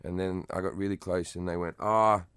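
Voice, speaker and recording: Deep-voiced Australian man, blunt and profane. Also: level tone, quick pace, a little mellow, clear, resonant tone, no room sound, studio quality. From Western Australia. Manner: blunt, profane, self-mocking. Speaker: comedian guest. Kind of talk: casual interview chat.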